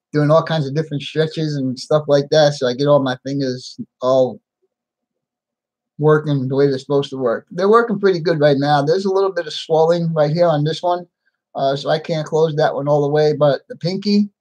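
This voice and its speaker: A man's voice: fairly high pitch, normal speed, darkish tone, poor audio. A middle-aged man from the United States hosting a live stream, chatting casually and greeting each viewer by name with frequent laughs.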